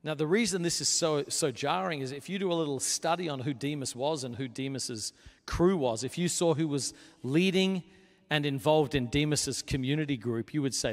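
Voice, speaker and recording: A man's voice: a little high, normal speed. Earnest male pastor in a reverberant hall. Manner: earnest and conversational, building to forceful emphasis. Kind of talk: sermon. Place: church sanctuary. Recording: long reverb of a large hall.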